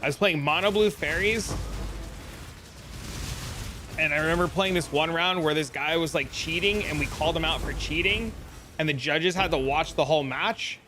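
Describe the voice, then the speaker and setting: A man's voice: on the high side, moderate pace, sharp tone, slight background noise. A man from New Jersey streaming a game, chatting casually and telling long, profane anecdotes. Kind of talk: casual livestream chat and storytelling.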